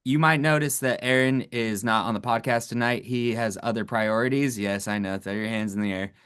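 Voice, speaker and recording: A man's voice: mid-range voice, fairly even intonation, brisk, fairly bright tone, clean tone. A man co-hosting a sports podcast, talking in a laid-back, casual way with frequent swearing and laughter. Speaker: podcast co-host.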